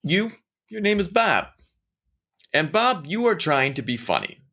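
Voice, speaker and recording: Lively, bright-voiced man giving a casual talk. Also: sits high, measured pace, vocal fry. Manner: animated storytelling, acting out quoted voices; conversational, addresses listener directly.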